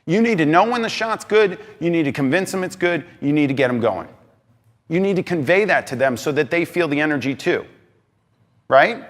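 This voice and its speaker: Excitable man talking in a big hall. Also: on the high side, moderate pace. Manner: excitable, emphatic, swings between loud bursts and quieter asides. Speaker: speaker giving a talk. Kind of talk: energetic stage talk. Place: large hall on stage. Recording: reverberant hall.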